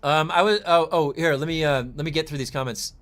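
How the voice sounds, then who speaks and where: A man streaming a game and chatting casually with viewers, animated and profane, acting out quotes in a high voice and laughing often. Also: fairly quick. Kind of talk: casual live-stream chat.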